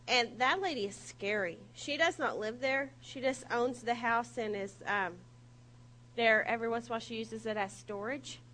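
Woman speaker, high bright voice, lively and self-mocking, faint hum behind. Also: low-quality recording. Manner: animated, laughing, self-mocking storyteller. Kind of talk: humorous sermon storytelling.

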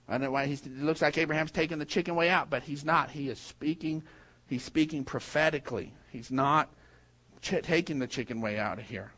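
High-voiced animated male pastor. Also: a little fast. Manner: animated, interjects while reading. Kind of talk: sermon with scripture reading.

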